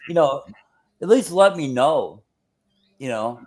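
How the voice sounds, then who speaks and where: A man's voice: on the high side, lively intonation, takes it slowly, darkish tone. A man in casual chat, talking earnestly and repeating himself with fillers.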